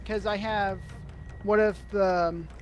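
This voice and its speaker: A man chatting while playing a game, halting and trailing off as he talks. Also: high-pitched, steady tone, slight background noise. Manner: halting, many fillers and restarts. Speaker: gamer. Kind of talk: casual chat while gaming.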